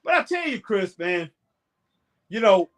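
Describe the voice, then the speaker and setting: High, lively man chatting. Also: measured pace. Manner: excitable, laughs often, says "boy" and "man" a lot. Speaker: co-host. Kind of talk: casual chat reacting to a live wrestling show.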